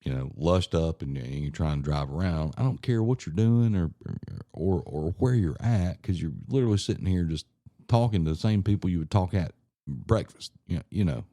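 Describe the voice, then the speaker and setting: A man's voice: low voice, expressive, normal speed, dark tone, no room sound, studio quality. A man on a podcast telling a casual, profane family story, laughing and acting out what people said. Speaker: podcast co-host.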